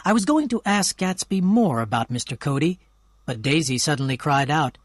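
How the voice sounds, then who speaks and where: A man's voice: a little high, lively intonation, moderate pace, no echo. Man narrating a storybook, dry sound. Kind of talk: scripted storybook narration for learners.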